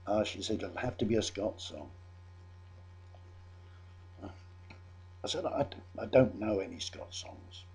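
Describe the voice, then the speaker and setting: An older man from England telling a personal story in a chatty, self-amused way, often restarting his sentences. His voice sits low, with a mellow, very raspy tone. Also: expressive, takes it slowly, long pauses. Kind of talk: personal anecdote.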